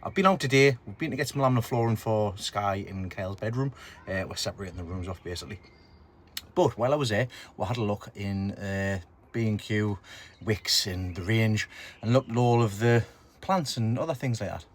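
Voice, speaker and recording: A man's voice: on the low side, a little fast. Chatty man filming his garden. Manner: chatty, self-deprecating, laughs often. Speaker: allotment vlogger. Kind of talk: casual gardening vlog. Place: garden and allotment outdoors.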